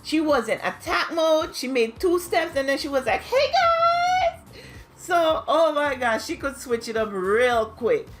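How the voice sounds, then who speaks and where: A chatty woman with a fairly high voice recaps a reality show in a casual, gossipy way. She acts out the cast's lines in high squeals. Soft music plays faintly behind her. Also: normal speed, hardly any pauses. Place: home, New York.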